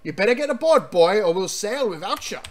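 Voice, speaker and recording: A man voicing a drunken, gruff old pirate captain in a slurred sea-dog drawl while reading a retro computer game aloud. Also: high voice, expressive, a little fast, slight background noise. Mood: barking.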